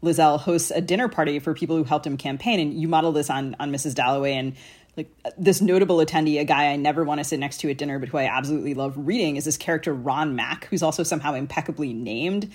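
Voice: medium pitch, husky. A podcast host asking a casual interview question in a chatty way, full of filler words. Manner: fast, chatty, many "like" fillers.

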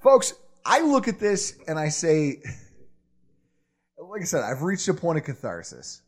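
A man with a high, husky voice runs a loose sports podcast chat. His pitch swings widely as he rants, laughs and throws in curses. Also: measured pace. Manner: animated, laughs a lot, swears freely. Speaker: podcast host.

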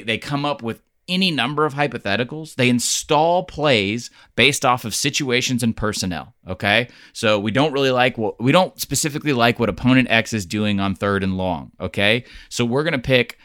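A man's voice: mid-range voice, a bit bright, no room sound, studio quality. A man co-hosting a casual sports talk show, blunt and opinionated, swearing freely as he argues his point. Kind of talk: casual sports podcast debate.

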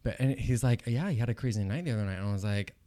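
A man's voice: medium pitch, racing, dark tone. A young man, a bit tipsy, telling rambling stories in casual chat, with a giggly manner and many fillers. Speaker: podcast guest.

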